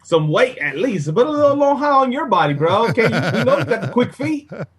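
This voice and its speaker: Husky, lively-voiced man on a podcast. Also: sits high, a little fast. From Mexican-American. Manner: profane, excitable, peppers talk with "okay?" and "bro". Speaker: podcast co-host. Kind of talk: casual sports podcast banter.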